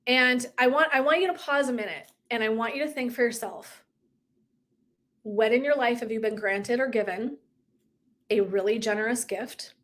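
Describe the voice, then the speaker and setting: A woman wellness coach telling a personal story in a casual live talk, animated and often laughing. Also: a little high, moderate pace.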